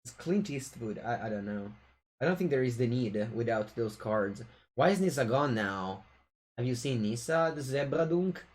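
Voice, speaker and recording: An Italian-accented man streams his own card game, commentating live in a medium-pitched, expressive voice at a moderate pace. He's playful, chatting with viewers and taunting his opponent throughout.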